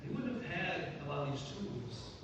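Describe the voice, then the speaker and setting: Male pastor, high voice, lively storytelling sermon; distant mic in a reverberant church hall with background noise. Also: moderate pace. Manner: lively storytelling with repeated phrases. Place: church sanctuary. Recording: echoey hall from far off, noisy.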